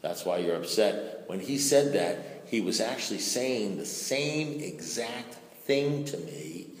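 Man, recovering alcoholic sharing his story, fairly low voice, casual storytelling, roomy reverb from a big hall. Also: expressive, slow pace. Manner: conversational storytelling with many "you know"s, rising to loud bursts. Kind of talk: recovery meeting talk.

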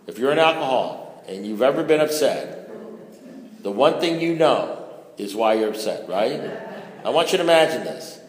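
An older man with a lowish, animated voice at a normal pace tells a profane, joking story to an audience at a recovery meeting. He acts out both sides of the conversation, and the roomy hall carries a long echo.

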